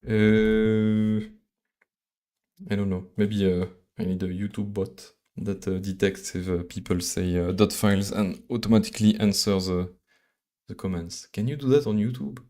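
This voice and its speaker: A man from Belgium with a French accent, live-coding on a stream and thinking aloud in a halting, mumbling way full of fillers and restarts. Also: lowish voice, fairly even intonation, mellow.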